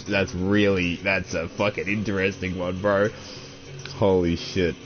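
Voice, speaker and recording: A young man, chatting casually and crudely while unboxing, swearing a lot and calling everyone dude and bro. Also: low voice. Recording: dull lo-fi audio with faint music.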